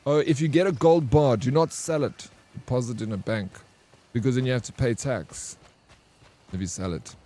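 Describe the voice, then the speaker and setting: Laid-back guy streaming a game and chatting w his viewers, mellow voice, says bro a lot. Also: medium pitch, moderate pace. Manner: chatty, swears casually, calls viewers bro; reacts to chat messages. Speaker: gaming streamer. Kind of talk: casual gaming commentary.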